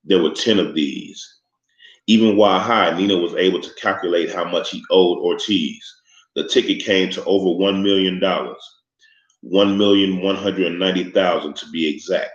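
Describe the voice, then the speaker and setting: A man reading a novel aloud in steady, measured scripted narration. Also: sits low. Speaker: audiobook narrator. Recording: echoey, slightly muffled room recording.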